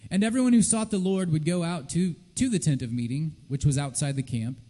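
A man giving a measured, solemn scripture reading during a church service. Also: on the high side, dark tone. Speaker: scripture reader. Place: church sanctuary. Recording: reverberant church hall.

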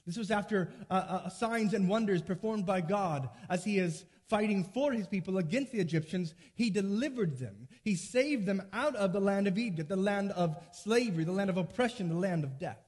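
A man's voice: high voice, animated, normal speed, hardly any pauses, darkish tone. Man preaching in a reverberant hall. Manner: earnest teaching with emphatic repetition. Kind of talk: expository sermon.

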